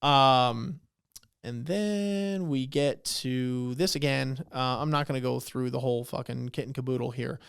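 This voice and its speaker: A man's voice: medium pitch, measured pace, creaky, clear, resonant tone. A young man hosting a podcast, recapping in casual, profane, rambling chat. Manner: profane, rambling, acts out quotes. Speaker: podcast host.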